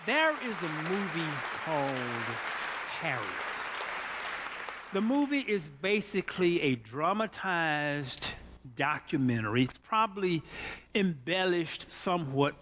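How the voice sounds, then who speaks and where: Male preacher, unhurried, lively swings from hush to shout. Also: fairly high pitch, over a noisy crowd, heavy background noise. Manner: folksy storytelling preacher, building from soft to shouted. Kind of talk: sermon.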